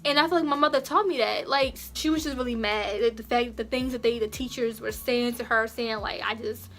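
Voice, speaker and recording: Animated young woman telling a story. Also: on the high side, brisk, a little hiss or hum. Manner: animated, acts out quotes in raised voices. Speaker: vlogger. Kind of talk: casual storytime.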